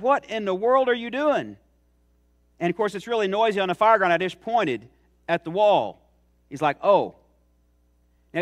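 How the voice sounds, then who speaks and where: A man's voice: on the high side, a bit bright. A middle-aged man preaching a sermon in a church, telling stories with rising emphasis. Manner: earnest, storytelling with rising emphasis. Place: church sanctuary.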